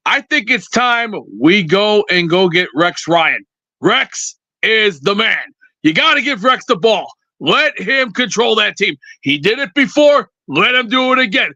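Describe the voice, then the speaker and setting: A man's voice: sits high, expressive, measured pace, sharp tone, no room sound. A man calling in to a sports show, ranting angrily and swearing as he rambles. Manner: angry, profane, rambling. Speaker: caller. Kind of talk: fired-up fan rant.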